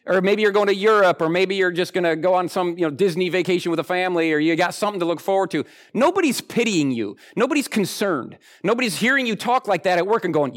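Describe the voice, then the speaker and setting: Male pastor, slightly higher voice, conversational sermon delivery with lively pitch swings. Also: brisk. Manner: animated, conversational preaching with big swings in pitch.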